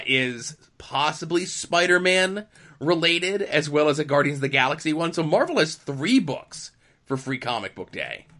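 A man's voice: fairly high pitch, a bit bright. A young man co-hosting a casual comics podcast, chatting wryly and running through news. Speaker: podcast co-host. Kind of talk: casual chat.

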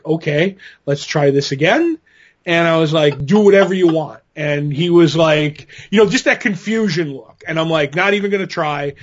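A man's voice: fairly high pitch, dull audio. A man co-hosting a podcast, telling a rambling, self-mocking story in casual chat. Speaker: podcast co-host.

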